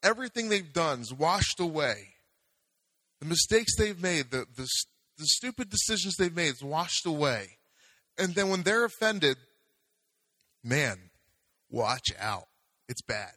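A man's voice: a little high, big pitch swings, measured pace, pauses often, sharp tone, dry recording, poor audio. A man preaching a sermon as pastor, talking conversationally and building to fervent exhortation.

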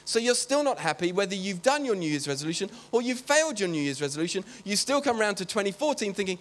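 A man's voice: sits high, big pitch swings, quick pace, few pauses. A man preaching a sermon in a chatty, joking way, often breaking off to talk to the congregation. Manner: chatty, joking, self-interrupting.

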